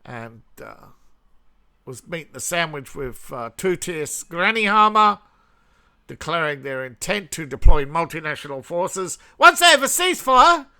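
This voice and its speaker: Australian man, middle-aged, slow rambling commentary, bright voice, sarcastic. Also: fairly high pitch, big pitch swings, clean tone. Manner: rambling, sarcastic, chuckles at his own jokes. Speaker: host. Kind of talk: casual news commentary vlog.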